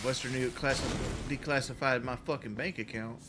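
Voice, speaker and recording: A man's voice: medium pitch, fairly even intonation, brisk. A man chatting casually while streaming a game, rambling with lots of "like" fillers and cursing. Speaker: gaming streamer. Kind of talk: casual live-stream chat while gaming. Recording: noisy background hiss.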